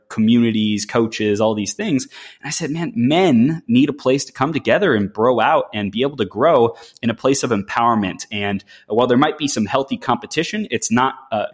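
A man, a men's coach and podcaster, telling his story as an interview guest with enthusiasm and quick restarts. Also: mid-range voice. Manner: enthusiastic, fast-talking, with frequent restarts.

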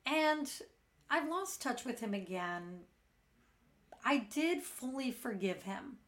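A middle-aged woman with a voice pitched a little above most women's, hosting a meditation podcast. She tells her own story candidly, earnest and frank, and she does not soften her words. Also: animated, takes it slowly. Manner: frank and earnest, blunt word choice.

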